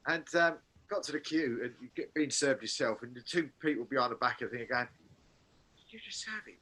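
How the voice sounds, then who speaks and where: A man hosts a casual chat, talking quickly in a bright, forceful voice. He tells stories in an animated, rambling way. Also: medium pitch, low-quality recording. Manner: animated anecdote teller, rambling restarts. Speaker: podcast host.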